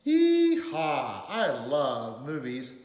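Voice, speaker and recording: A man voicing a loud, excitable young country boy who whoops his words, in a storybook reading. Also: mid-range voice, drawn-out words, heavily acted. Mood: hollering excited. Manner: whooping, hollering exclamations. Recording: roomy hall reverb.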